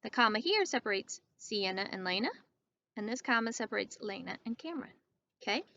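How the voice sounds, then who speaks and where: A woman teacher giving a grammar lesson to young children, speaking slowly and clearly and checking in with "okay?". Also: mid-range voice, expressive, pushed and bright, slight background noise. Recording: dull lo-fi recording.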